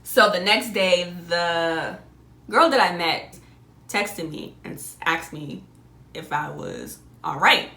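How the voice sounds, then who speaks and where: A young adult woman telling a personal story in a casual, animated way, often laughing and jumping up high on exclamations. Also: takes it slowly, vocal fry, roomy sound. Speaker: vlogger.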